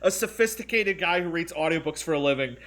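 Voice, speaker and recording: A man's voice: on the high side, animated, fast, fairly bright tone. A man co-hosting a podcast in casual chat, joking and slipping into voices. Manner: joking, often puts on voices. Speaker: podcast co-host.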